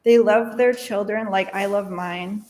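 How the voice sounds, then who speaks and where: A woman telling a story for all ages during a worship service, slow and gentle with repeated refrains. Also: mid-range voice, steady tone.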